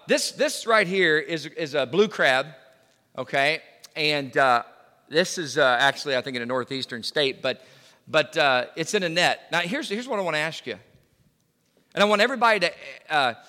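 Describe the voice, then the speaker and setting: A man's voice: fairly high pitch, sharp tone, in a large hall. A male pastor preaching a sermon in a conversational way, full of fillers and restarts. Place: church sanctuary.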